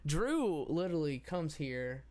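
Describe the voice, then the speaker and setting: A man's voice: fairly high pitch, big pitch swings, a little slow, darkish tone. A young man hosting a podcast, chatting casually in a rambling way with frequent restarts and swearing. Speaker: podcast host. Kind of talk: casual chat.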